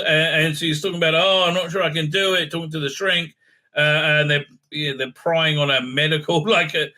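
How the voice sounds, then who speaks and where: A man's voice: on the high side, sharp tone. A man hosting a casual episode recap, talking in a rambling, sarcastic way with many fillers and restarts. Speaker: show host reviewing TV episodes.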